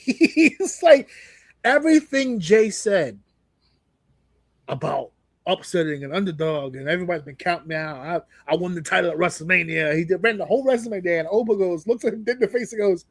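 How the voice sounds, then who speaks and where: A fairly high-voiced man talks wrestling on a podcast, loose and profane, breaking into exaggerated voices to act out quotes. The sound is dry and close, with almost no room around him. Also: lively intonation, brisk, no echo. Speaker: podcast co-host. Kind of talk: casual wrestling talk.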